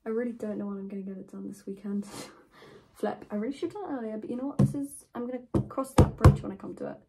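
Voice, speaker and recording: A teenage girl chatting excitedly in a casual vlog from her bedroom. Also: medium pitch, fast, heavy background noise. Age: teens. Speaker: vlogger. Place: bedroom at home.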